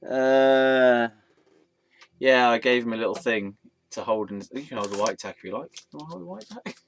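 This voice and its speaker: A man's voice: medium pitch, moderate pace, slight background noise. A tired man rambling casually and self-deprecatingly to a statue while he films. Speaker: vlogger.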